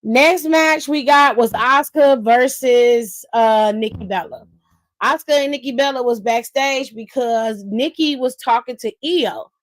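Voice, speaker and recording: A woman hosts a casual wrestling recap stream with a sassy, profane delivery. Her voice sits a little high. It sounds close and dry, with no room around it. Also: measured pace, no echo, poor audio. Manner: sassy and profane, with frequent laughs. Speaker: wrestling aftershow host.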